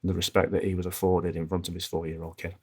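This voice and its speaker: A man speaking as a podcast guest, telling stories in a calm, smooth, measured way with frequent restarts. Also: low-pitched. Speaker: podcast guest, former hostage negotiator. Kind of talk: conversational interview storytelling.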